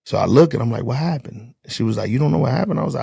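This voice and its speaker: A man with a low, heavily gravelly voice tells his story in a blunt, casual way. He swears freely and acts out what people said to him. His voice is husky, and the sound is dry and close. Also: animated, rapid-fire, mellow, dry recording. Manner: blunt, profane, acts out dialogue. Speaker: interview guest, former corrections officer.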